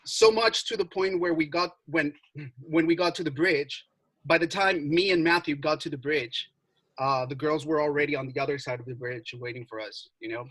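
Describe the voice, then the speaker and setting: A young man telling a story in casual chat, animated, swearing and full of filler words. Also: on the high side, moderate pace, rough recording. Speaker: podcast co-host.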